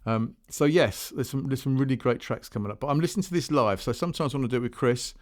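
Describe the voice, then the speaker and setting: Male podcast host and musician, middle-pitched, rambling solo chat with lots of restarts. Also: fast talker. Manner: rambling, chatty, full of restarts and asides. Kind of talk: casual solo chat between tracks.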